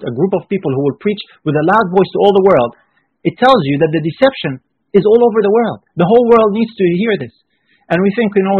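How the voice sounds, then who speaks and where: A man preaching a sermon emphatically, repeating phrases and rising into forceful bursts. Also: fairly high pitch, no room sound. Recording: husky voice on a tinny phone-like line.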